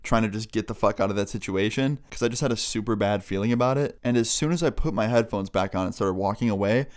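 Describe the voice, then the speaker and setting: Young man, vlogger, rapid story time, lowish voice, profane, casual. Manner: rapid, profane, chatty retelling.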